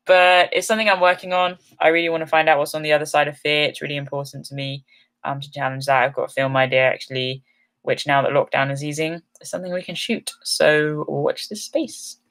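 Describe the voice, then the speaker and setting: Reading out comments on her outdoor channel's live stream, this woman chats in a low-pitched, somewhat bright voice. She stays upbeat but rambles, peppering her speech with "um," and seems a little worn out.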